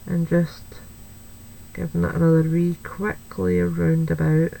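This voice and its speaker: A woman's voice: on the low side, monotone, measured pace, gravelly, mellow, rough recording. A woman chatting through a card-making tutorial, thinking aloud as she works and making light of her own slips. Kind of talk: craft tutorial, talking while working.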